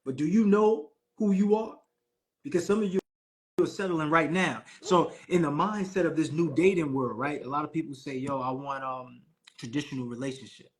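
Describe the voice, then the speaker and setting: A man's voice: a little high, moderate pace. A man hosting a live call with preachy, hyped motivational talk. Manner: preachy, hyped, calls the audience Queen.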